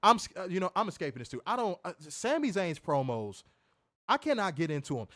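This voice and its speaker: Animated, high-voiced man ranting. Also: brisk. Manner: animated, swears freely, mimics voices, laughs loudly. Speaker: podcast co-host reviewing wrestling. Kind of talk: casual profane commentary.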